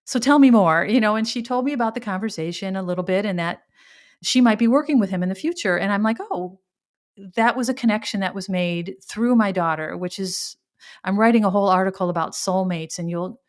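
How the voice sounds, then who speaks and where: A woman's voice: mid-range voice, fast. A middle-aged woman hosting a podcast, telling a personal story in a rambling way, often backtracking and acting out quoted exclamations. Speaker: podcast host.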